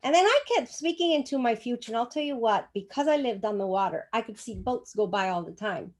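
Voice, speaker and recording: An older woman with a fairly high voice shares a personal testimony in church. She tells her story emphatically and animatedly, slipping into the voices of the people she quotes. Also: a little fast. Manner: animated, acts out dialogue, emphatic. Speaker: church member giving testimony.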